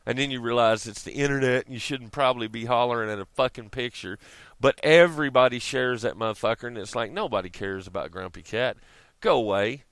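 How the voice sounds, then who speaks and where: Bright, crisp, profane male ranter. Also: medium pitch, fairly quick, no room sound. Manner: profane, rambling, laughs at his own jokes. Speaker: vlogger. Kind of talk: casual rambling vlog rant.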